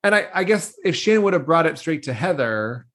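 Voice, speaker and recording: A podcast co-host with a low-sitting, fairly bright voice talks fairly quickly with big swings in pitch. In a casual chat, she recaps a TV episode's events as a story, laughing often and keeping things playful.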